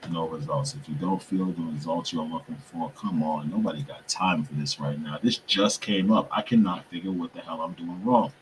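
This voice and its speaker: A man's voice: deep voice, steady tone, moderate pace, hardly any pauses, a little hiss or hum, poor audio. Frustrated man muttering at his screen. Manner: frustrated, muttering to himself, swearing. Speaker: podcast host. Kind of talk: casual talk to viewers while using a computer.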